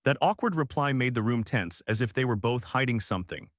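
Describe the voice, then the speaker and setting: A man's voice: medium pitch, animated, a little fast, dry recording, studio quality. A man narrating a comic story recap in a scripted storytelling manner.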